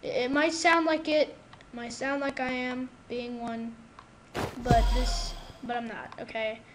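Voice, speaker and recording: A high-pitched woman talks through her gameplay at an unhurried pace, excitable and quick to loudly protest when she loses. Her voice comes through a home microphone with a clear background hiss. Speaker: gamer. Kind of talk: casual gameplay commentary. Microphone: new desktop microphone.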